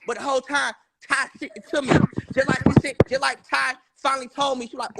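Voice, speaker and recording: High-pitched, fast, gravelly man swearing oaths. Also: steady tone, background noise. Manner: insistent, swears oaths repeatedly, profane. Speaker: live-stream guest. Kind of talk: heated live-stream argument.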